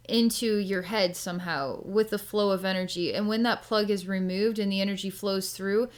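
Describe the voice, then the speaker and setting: A woman psychic talking her way through a reading in a loose, rambling way, full of likes and ums. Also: mid-range voice. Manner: chatty, rambling, many filler words. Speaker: psychic reader. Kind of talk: casual spoken psychic session.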